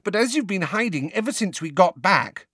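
A man's voice: high voice, sing-song, normal speed, husky, dry recording, studio quality, voice pushed up, full character voice. A man voicing a blunt, fierce teenage girl who speaks coolly and plainly. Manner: blunt, cool, forceful.

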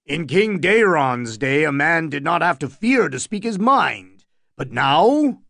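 A man's voice: fairly high pitch, very animated, slow, vocal fry, pushed and bright, dry recording, full character voice. A man reading an audiobook, voicing a boastful, grumbling middle-aged knight who talks indignantly. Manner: indignant, blustering.

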